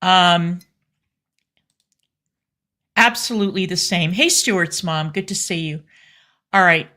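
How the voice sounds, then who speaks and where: A woman's voice: lowish voice, takes it slowly, sharp tone. A woman co-hosting a commentary show, talking candidly and effusively in a casual chat, with fillers and restarts. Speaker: show co-host.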